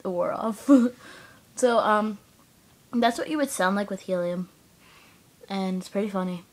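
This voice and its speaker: Young woman vlogger, helium-squeaked voice, giggly and playful, casual chat. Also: measured pace. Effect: helium-altered voice.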